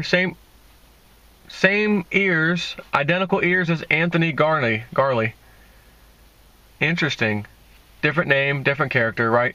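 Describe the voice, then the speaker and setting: Sarcastic man with a bright, dry voice. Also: fairly high pitch, no room sound, lo-fi sound. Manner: sarcastic, mocking, rambling. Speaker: crypto video host. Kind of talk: casual opinion monologue.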